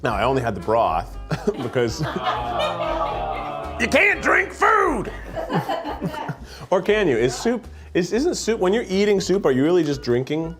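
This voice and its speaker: Over music, a man's high voice swoops wildly in pitch as he hosts a relaxed food-tasting segment on a studio set with a food conveyor belt. He rambles, cracks jokes and laughs easily between bites.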